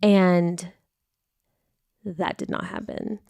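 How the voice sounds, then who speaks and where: A woman's voice: fairly low pitch, little pitch movement, extremely slow, creaky, mellow, no room sound, studio quality. A young woman hosting a podcast, talking frankly and emotionally about hard personal events and acting out her own past outbursts. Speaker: podcast host. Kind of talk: candid confessional podcast monologue.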